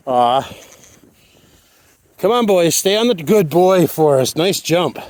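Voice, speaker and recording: A man out of breath from trudging through deep snow outdoors. His voice sits a little high and moves slowly, jumping higher still whenever he coaxes his animals on with encouragement. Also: lively intonation, darkish tone. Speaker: farm owner. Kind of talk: casual vlog narration.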